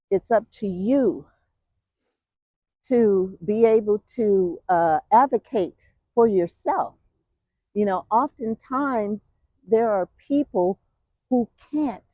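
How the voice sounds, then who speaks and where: A woman vlogger talking while out on a walk, reflective and emotional, with many fillers and pauses. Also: medium pitch, warm tone, no room sound, dull audio. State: walking. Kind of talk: casual walking talk.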